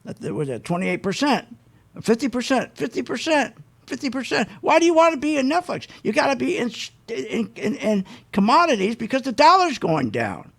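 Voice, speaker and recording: Fired-up male radio host with a gravelly edge. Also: very high voice, very animated, normal speed, fairly bright tone. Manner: fired-up, emphatic, repeats himself, mocks others' words. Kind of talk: live call-free market commentary rant.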